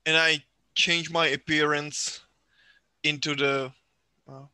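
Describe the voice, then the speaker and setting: A man's voice: fairly high pitch, flat delivery, takes it slowly, bright, forceful tone, smooth, dry recording. A man playing a tabletop game, describing his character's actions. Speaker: player.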